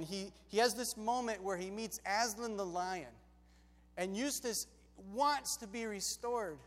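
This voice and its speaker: High-voiced preacher in a big echoing hall. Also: male voice. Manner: lively, conversational, shifts between loud and hushed. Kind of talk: storytelling sermon.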